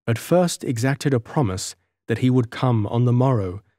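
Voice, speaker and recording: A male audiobook narrator with a middle-pitched voice, reading at a measured, even pace. The recording is close and very dry, with no room sound. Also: no echo. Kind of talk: scripted narration.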